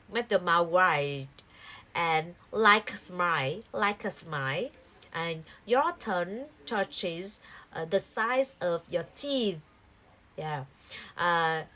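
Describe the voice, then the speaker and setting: A woman teaching English pronunciation, saying each word slowly three times, with patient fillers and self-corrections. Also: mid-range voice, a bit bright. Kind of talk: slow pronunciation drill, repeating each word.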